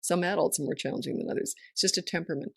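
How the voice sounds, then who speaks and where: Woman podcast host, middle-aged, frank and lively, dry studio sound. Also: on the low side, vocal fry, slightly rough, no echo. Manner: frank, lively storytelling with quick asides. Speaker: parenting coach and podcast host. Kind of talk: casual podcast chat.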